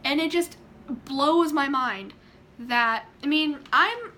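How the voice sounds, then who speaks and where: A young woman telling a story in a casual vlog, chatty and animated, acting out quotes and laughing often. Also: sits high, slow, slight background noise. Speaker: vlogger.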